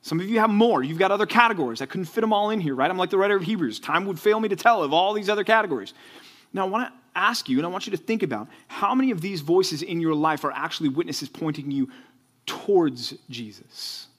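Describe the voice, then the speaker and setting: A man preaching to students. He speaks earnestly, repeats words as he gets going and builds up to loud, fired-up emphasis. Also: high voice, quick pace. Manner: repeats words when excited. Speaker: youth pastor. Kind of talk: sermon to students.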